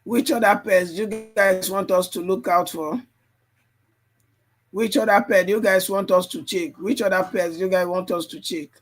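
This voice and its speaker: Speaking at a normal speed with a high voice and fairly even intonation, a trading livestream host walks viewers through live chart analysis. His voice is strained and tired, he repeats phrases, and "you understand?" comes up constantly.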